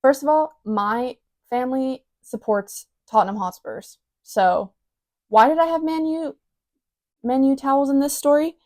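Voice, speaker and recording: A woman's voice: high voice, a little slow, a little mellow, dry recording. A young adult woman hosting a podcast, casually reading aloud and adding wry, teasing remarks with many fillers. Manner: wry, teasing self-mockery; filler-heavy, loose delivery. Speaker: podcast host.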